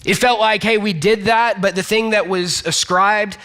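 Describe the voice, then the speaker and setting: A man's voice: high voice, steady tone, moderate pace, bright, forceful tone, smooth. A young man from Georgia in the US, a pastor giving a chatty, conversational sermon and speaking straight to his listeners. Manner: chatty, self-deprecating, addresses listeners directly.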